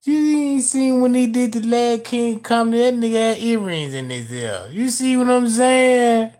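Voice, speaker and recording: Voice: mid-range voice, expressive, unhurried, darkish tone. A commentator talking to viewers in casual video commentary, emphatic and profane, using street slang and addressing the audience directly.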